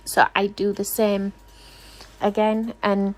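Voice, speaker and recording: A woman's voice: mid-range voice, monotone, takes it slowly. A woman nail technician doing a casual, rambling tutorial voice-over, chatty and self-deprecating, often apologizing.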